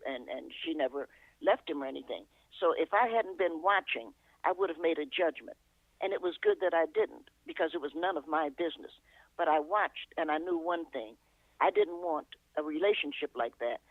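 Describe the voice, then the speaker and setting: An older woman, a poet and author, appears as a guest in a reflective interview, telling meandering stories in a low voice. She chuckles often and corrects herself along the way. The recording comes over a tinny, dry telephone line with no room sound.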